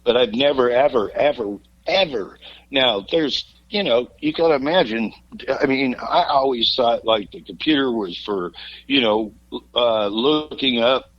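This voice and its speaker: Raucous, laughing rock singer telling tales. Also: male voice, medium pitch, expressive, unhurried, highs cut off. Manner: laughs through his stories, swears freely, cracks jokes. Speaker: rock singer and podcast guest. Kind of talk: raucous storytelling in casual chat.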